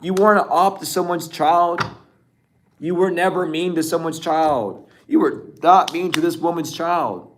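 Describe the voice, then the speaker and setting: A man giving a casual tarot reading, teasing and laughing often, blunt and profane, with a throat that sounds a bit rough. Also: on the high side, measured pace, fairly bright tone, a little hiss or hum. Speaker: tarot reader.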